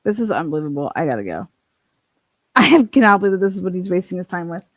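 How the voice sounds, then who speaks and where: A woman's voice: fairly low pitch, big pitch swings, fast talker, dry recording. A woman hosting a livestream, giving casual, blunt, profane commentary in an incredulous tone.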